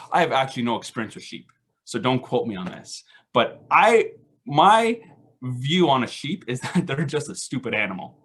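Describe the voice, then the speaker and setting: A man's voice: mid-range voice, fairly bright tone, husky. A man giving a casual, self-deprecating faith reflection at an online recovery meeting, full of rhetorical questions.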